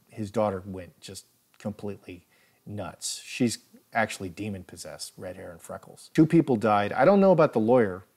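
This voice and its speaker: A man narrating a first-person story in a solemn, deliberate, insistent way. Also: fairly low pitch, a little mellow.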